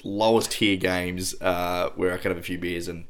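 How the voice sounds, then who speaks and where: Deep-voiced male co-host, laid-back and chatty. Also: moderate pace. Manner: relaxed, repeats words as he starts. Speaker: podcast co-host. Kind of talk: casual chat.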